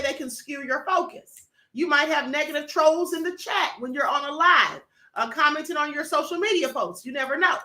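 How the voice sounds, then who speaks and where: Greeting members by name and calling them honey and beloved, this host chats casually through her members-only live stream. Her high voice is bright and forceful, with a reverberant sound.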